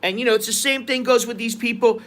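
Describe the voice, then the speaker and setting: A man's voice: very high-pitched, fairly even intonation, quick pace, a bit bright. A man from the United States telling a story and ranting on a live stream, heated and profane. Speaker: vlogger. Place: outdoors at a market.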